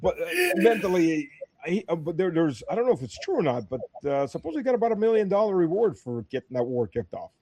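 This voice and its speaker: A man talking casually about politics with another man. He speaks in an animated way, often laughs, and trails off and restarts his sentences. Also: fairly high pitch, fast.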